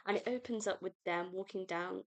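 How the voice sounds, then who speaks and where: A woman's voice: mid-range voice, fairly quick, highs cut off. A British woman hosting a casual solo book review podcast, rambling and gushing with lots of fillers. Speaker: podcast host.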